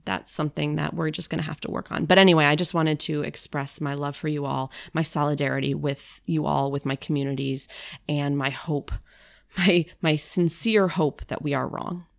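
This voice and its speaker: A woman's voice: low voice, steady tone, normal speed, gravelly, no room sound, clean studio sound. A woman hosting a podcast in a casual monologue, chatty with many filler ums and playful asides. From United States. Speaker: podcast host.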